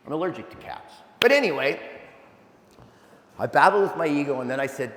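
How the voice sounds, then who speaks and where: A man giving an animated, energetic motivational talk, telling stories with asides to a live audience. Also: fairly high pitch, fairly quick, pauses often. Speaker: keynote speaker. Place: large event hall. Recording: echoey hall, long reverb.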